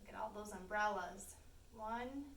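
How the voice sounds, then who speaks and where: A woman teacher reading picture books aloud to young children, slow, clear and animated. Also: mid-range voice. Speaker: school storytime teacher. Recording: echoey room, mic from far off, faint background hum.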